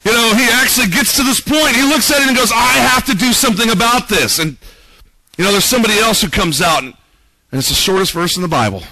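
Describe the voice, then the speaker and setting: A man's voice: high-pitched, animated, fast, bright, forceful tone, dry recording, rough recording. A man preaching a conversational sermon, reading scripture aloud and asking the congregation rhetorical questions. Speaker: pastor.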